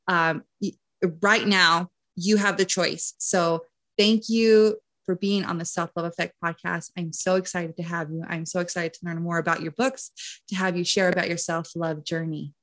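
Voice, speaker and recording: A woman who hosts a self-love podcast and leads listeners through spoken affirmations. Her voice sits a little low, and she talks with enthusiasm and plenty of encouragement. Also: steady tone, moderate pace, a bit bright. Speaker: podcast host. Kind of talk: podcast interview and guided affirmations.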